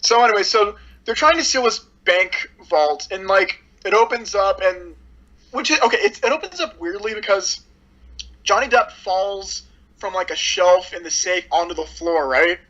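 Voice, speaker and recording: A woman's voice: medium pitch, moderate pace, fairly bright tone, lo-fi sound. A woman reviewing a movie in casual chat, blunt and sarcastic, with lots of "like".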